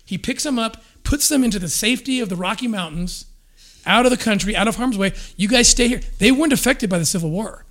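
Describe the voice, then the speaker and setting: High-voiced man telling an animated story. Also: fast. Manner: energetic storyteller, acts out quotes with restarts. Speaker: guest discussing scripture and history. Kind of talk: animated conversational explanation.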